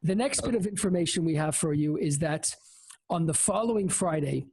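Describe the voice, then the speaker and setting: A man hosting a talk show who makes slow, emphatic announcements and talks informally, with the odd swear word. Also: on the high side, lively intonation, a little mellow, husky. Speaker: host.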